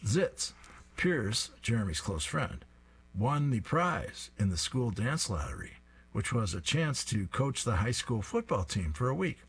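Husky-voiced man reading comics aloud. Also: mid-range voice, very animated, unhurried. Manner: amused, chuckling asides. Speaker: reader of comic strips.

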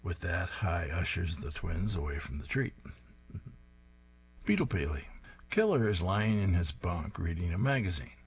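A man describing comic strips panel by panel and reading them aloud in a steady, descriptive way with dry amusement. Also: low voice, a little slow, slightly rough. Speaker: comics reader.

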